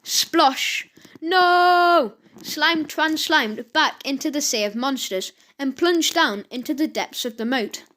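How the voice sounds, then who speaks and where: A woman reading a children's story aloud, halting now and then with slips and restarts. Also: sits high, a bit bright.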